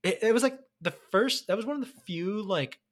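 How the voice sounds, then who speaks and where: Animated, swearing male podcaster. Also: high-pitched, a little fast. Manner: animated, profane, drops to a hushed whisper for emphasis. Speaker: podcast co-host. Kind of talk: casual chat.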